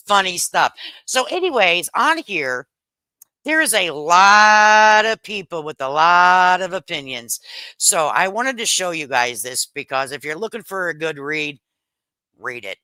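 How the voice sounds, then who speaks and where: A woman's voice: on the low side, big pitch swings, takes it slowly, pushed and bright, no room sound, low-quality recording. Chatty woman on a headset. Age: middle-aged. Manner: chatty, laughs often, Southern slang. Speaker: live-stream commentator. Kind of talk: casual live-stream chat. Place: home kitchen. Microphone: headset microphone.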